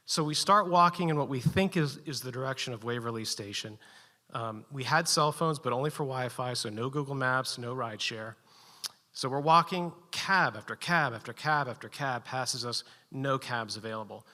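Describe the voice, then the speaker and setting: A man telling a personal story live at a story slam, animated and building suspense with short, punchy sentences. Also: medium pitch, normal speed, long reverb tail.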